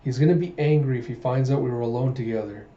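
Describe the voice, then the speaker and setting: A man voicing a kind, shy young man in a soft, reassuring tone while reading a comic aloud. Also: medium pitch, fast, lightly acted. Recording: dull, roomy home recording.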